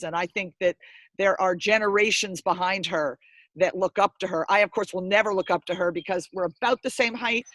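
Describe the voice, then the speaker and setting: A woman speaking in earnest, gently teasing praise of a colleague over a video call. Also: medium pitch, no room sound. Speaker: fellow broadcaster, guest panelist. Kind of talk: warm tribute in conversation.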